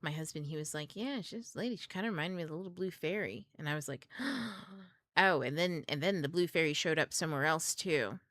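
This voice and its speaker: A woman's voice: deep voice, fast talker, few pauses, a bit bright, dry recording, studio quality. A young adult woman hosting a book club stream, telling a story in a chatty way with many fillers and frequent laughs. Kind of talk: casual storytelling livestream.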